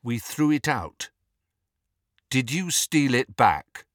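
A fierce teenage boy wizard, put on by a man narrating a storybook. He gives orders with urgency and sounds bright and lively. The voice is dry and close. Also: mid-range voice, slow, no room sound. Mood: commanding. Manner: urgent, commanding. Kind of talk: audiobook character voice.

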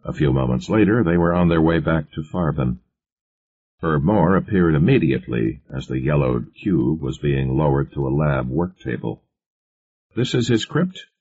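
A man reading a science fiction story aloud as narrator, in a steady storytelling manner. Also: rumbling low, normal speed, breathy edge. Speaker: audiobook narrator. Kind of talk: scripted narration. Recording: muffled lo-fi recording.

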